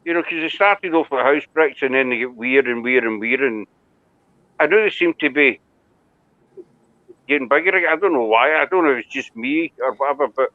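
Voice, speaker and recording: A man's voice: medium pitch, fairly quick, no echo. A man from Scotland with a Scottish accent, chatting casually on a live stream and rambling along with the occasional swear. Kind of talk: casual chat. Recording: tinny phone-like line, dry.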